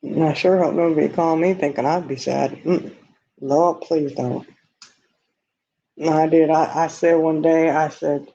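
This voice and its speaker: A man's voice: on the high side, a little slow, dark tone. A man hosting a casual livestream, reading viewer comments and talking bluntly and candidly, often laughing at his own remarks. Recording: dull lo-fi stream audio.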